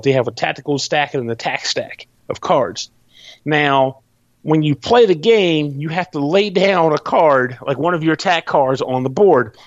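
Guy rambling through a game explainer, kinda high voice, dull dry audio. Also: no room sound. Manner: rambling, swears, restarts, chuckles. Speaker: podcast host reviewing a game. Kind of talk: casual explaining.

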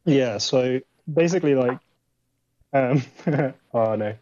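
A man's voice: medium pitch, slow pace, mellow, no room sound. A man, an indie game developer guest, chatting casually on a podcast, rambling with lots of "like" fillers. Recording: dull dry lo-fi audio.

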